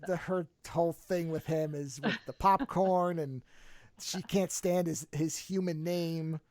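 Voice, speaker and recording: A man's voice: on the high side, steady tone, unhurried, a little mellow, no echo. A man hosting a podcast, chatting casually about a TV show in a rambling, self-correcting way. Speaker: podcast host.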